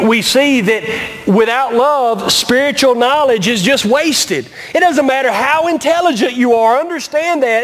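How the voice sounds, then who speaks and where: A male pastor preaching a sermon in a church, with repetitive, emphatic phrasing and drawn-out words. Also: very high-pitched. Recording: long reverb of a large hall.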